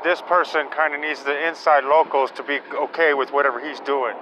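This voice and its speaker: A man's voice: on the high side, steady tone, fairly quick. A man chatting casually as the interviewer, interjecting and checking his understanding. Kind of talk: casual chat. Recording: dull lo-fi recording with loud background noise.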